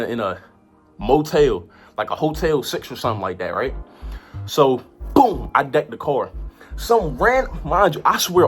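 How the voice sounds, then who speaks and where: Animated young woman telling a story. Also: low voice, husky. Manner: animated, lots of "like" and repeated phrases. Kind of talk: casual storytime vlog.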